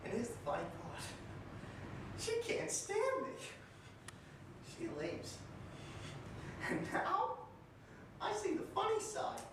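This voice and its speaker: A scarred, grinning killer clown, swooping wildly up and down in pitch and dragging each phrase out slowly. The voice comes from a distant, echoing clip. Loud noise and a barking dog are heard behind it. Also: male voice, huge pitch swings, heavily acted. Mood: brooding. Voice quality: theatrical, swooping, cackling. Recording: roomy, distant, noisy clip.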